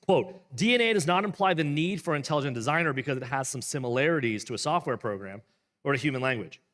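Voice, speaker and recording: A man's voice: medium pitch, lively intonation, fast talker, a bit bright, long reverb tail. A man, a pastor, reading a book aloud and explaining it in a casual, rambling way with playful asides. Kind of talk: live book reading with commentary.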